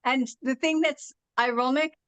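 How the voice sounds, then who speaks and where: A woman's voice: sits high, steady tone, a little slow, a bit bright, dry recording. A woman from California who speaks with a British-sounding accent, chatting casually as an interview guest and telling stories carefully. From Los Angeles, California. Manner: speaks with a foreign-sounding accent from a speech condition, often described as British. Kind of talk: casual conversation.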